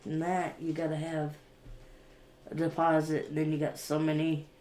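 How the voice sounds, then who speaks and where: A woman's voice: deep voice, monotone, moderate pace, dark tone, a little hiss or hum. A woman co-hosting a casual podcast chat, talking through plans in a plain, matter-of-fact way. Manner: matter-of-fact, planning aloud. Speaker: podcast co-host. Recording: echoey room.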